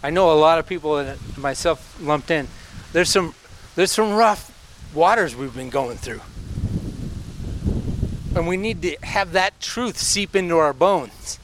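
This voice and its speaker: A middle-aged man, a pastor giving a sermon. He tells stories in a conversational way and builds up to loud, emphatic calls to his listeners. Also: a little high, unhurried, slight background noise.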